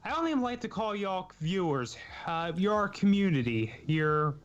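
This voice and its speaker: A man's voice: high voice, big pitch swings, moderate pace, muffled recording, crowd noise. A man with a South Jersey and Philadelphia accent, talking earnestly and a bit rambling as a stream co-host. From South Jersey / Philadelphia area. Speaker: podcast co-host. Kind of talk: casual livestream chat.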